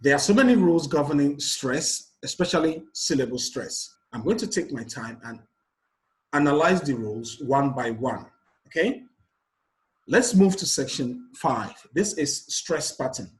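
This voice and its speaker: A man's voice: a little high, animated, unhurried. A man teaching an exam revision lesson on word stress, patiently counting syllables aloud step by step. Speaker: English teacher. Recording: echoey room.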